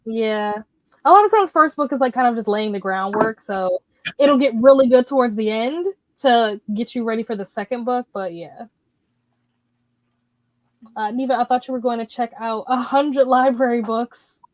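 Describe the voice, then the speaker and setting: A woman's voice: on the high side, moderate pace, no echo. A woman in her thirties hosting a casual livestream, greeting viewers by name as she chats about books. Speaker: livestream host.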